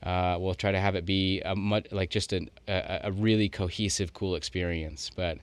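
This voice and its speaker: Male podcast co-host: very deep, resonant voice, loose run-on musing. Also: steady tone, moderate pace, clean tone, no echo. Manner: loose, thinking aloud in long run-on sentences. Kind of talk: casual podcast chat.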